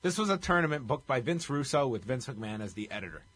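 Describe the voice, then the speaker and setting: A man's voice: medium pitch, sing-song, fast, a bit bright, slightly rough. A man co-hosting a podcast, wryly recapping a show from his notes in clipped bursts. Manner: wry, running through notes in clipped bursts. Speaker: podcast co-host. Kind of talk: casual recap chat.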